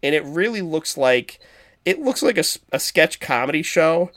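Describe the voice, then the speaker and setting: A man co-hosting a podcast in casual chat, rambling and animated as he retells movie scenes. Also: a little high, normal speed. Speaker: podcast co-host.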